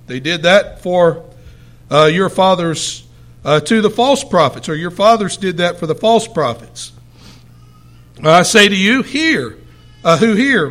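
A man reading scripture aloud and adding commentary, pausing often with "uh" fillers, clearing his throat and correcting himself as he goes. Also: high-pitched, fairly bright tone. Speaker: Bible teacher.

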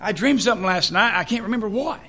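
Man, preacher, sermon, folksy, asks the congregation questions, high bright voice. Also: quick pace.

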